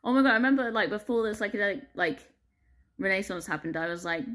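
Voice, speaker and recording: A woman's voice: medium pitch, animated, quick pace, fairly bright tone. Brief: woman vlogger, casual rant, constant fillers, heavy swearing, frustrated laughs. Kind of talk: casual ranting monologue.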